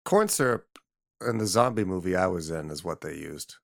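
A man's voice: deep voice, animated, normal speed, creaky, dry recording. A man in a casual comedic film podcast, riffing animatedly and laughing through his lines into a close mic.

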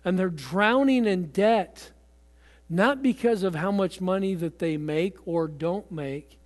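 A man preaching from the pulpit in a high voice, stumbling over his words and repeating them as he goes. His sermon rings out with the long reverb of a church hall. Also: slow pace. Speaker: pastor.

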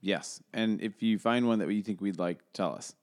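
A woman's voice: very deep voice, normal speed, a little mellow. A woman co-hosting a podcast in casual chat, with jokey, playful banter. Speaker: podcast co-host.

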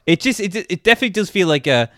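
Male podcast co-host, animated pitch, bright tone, casual movie talk. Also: racing, no echo, clean studio sound. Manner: lively, swears casually. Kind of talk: casual film discussion.

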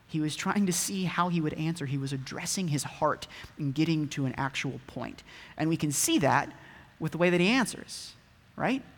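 A man's voice: fairly high pitch, lively intonation, normal speed, a bit bright. A man preaching a casual, conversational sermon, often asking his listeners rhetorical questions. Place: church hall. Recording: echoey hall with long reverb.

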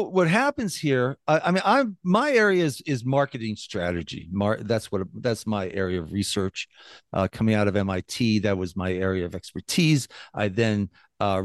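A man's voice: on the low side, no room sound. A man speaking as an interview guest, emphatic and restarting often, close to the mic in a dry room. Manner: emphatic, many restarts, mocks opponents in quoted voices. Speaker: guest, libertarian activist. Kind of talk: animated interview talk.

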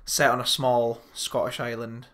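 A man co-hosting a podcast, rambling excitedly in casual chat and swearing now and then. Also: medium pitch, measured pace. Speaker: podcast co-host.

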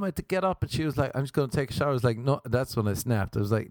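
A young man telling a comic story in a casual style, animated and profane, jumping into high silly voices for his own reactions. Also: fast talker, hardly any pauses, no echo.

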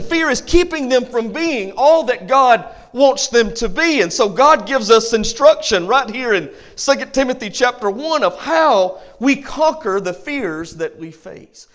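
High-voiced preaching pastor. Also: male voice, fairly bright tone. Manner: emphatic, repetitive preaching cadence with rhyming phrases. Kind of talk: sermon. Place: church sanctuary, also streamed online.

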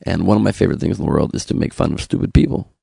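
Gravelly sarcastic man in a comic monologue. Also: sits low, very fast, dark tone, no echo, studio quality. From Los Angeles. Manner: sarcastic, jumps into mock voices. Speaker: comedy podcast host.

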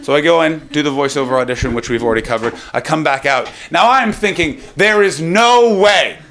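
A man's voice: mid-range voice, expressive, quick pace, vocal fry, a bit bright, slight background noise. A young adult man doing a comic storytelling monologue, swearing often, laughing at his own jokes and slipping into quoted voices.

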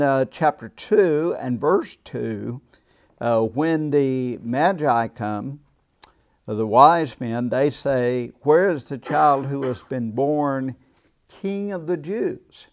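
A man leads a Bible class in a slow, deliberate way. His voice has a gravelly edge. He restarts phrases and pauses often as he works through his points. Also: medium pitch, darkish tone. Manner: unhurried, thoughtful, with frequent restarts and "uh". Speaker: Bible study teacher. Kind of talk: Bible class lecture with discussion.

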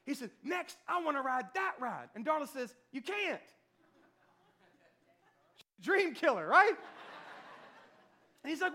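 A man preaching a sermon, telling a lively personal story and acting out the voices of the people in it. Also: extremely high pitch, fairly quick, pauses often. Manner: storytelling, animated, acts out quoted voices. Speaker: pastor.

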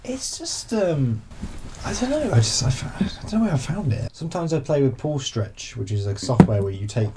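A man co-hosting a podcast, relaxed and hesitant, often trailing off mid-sentence. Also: mid-range voice, normal speed, noisy background. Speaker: podcast co-host, video maker. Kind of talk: casual chat.

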